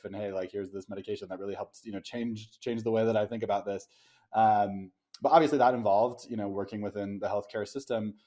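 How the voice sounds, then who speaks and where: A man's voice: fairly low pitch, a little mellow. A man hosting a podcast interview, asking reflective, encouraging questions with frequent fillers. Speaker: podcast host. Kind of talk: casual conversational interview.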